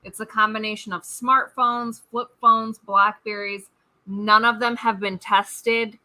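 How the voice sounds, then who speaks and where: A woman's voice: on the high side, level tone, a little slow, pushed and bright, low-quality recording. A woman co-hosting a live online auction stream, chatting casually as she describes the lot. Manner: chatty, describes items plainly.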